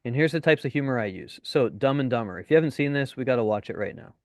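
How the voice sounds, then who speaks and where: A man coaching on dating in a casual webinar, speaking at a middle pitch. He curses freely and acts out the voices of people he quotes. The sound is dry and close. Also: lively intonation, quick pace, dry recording.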